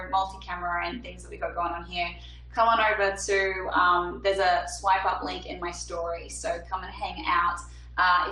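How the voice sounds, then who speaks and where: A woman's voice: mid-range voice, sharp tone, reverberant, recorded from a distance, low-quality recording. Bubbly woman chatting on a livestream. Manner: chatty, bubbly, reads out viewer comments. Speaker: singer-songwriter hosting a livestream. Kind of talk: casual livestream chat between songs. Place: apartment.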